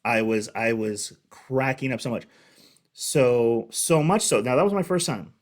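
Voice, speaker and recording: Chatty young man, mid-pitched reaction host. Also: measured pace. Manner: rambling, chatty storytelling. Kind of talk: casual commentary.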